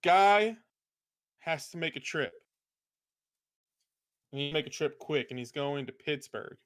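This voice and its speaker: A man's voice: on the high side, expressive, unhurried, a bit bright. A man co-hosting a podcast, chatting casually and playfully telling jokes. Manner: playful, laughs at his own jokes. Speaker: podcast co-host.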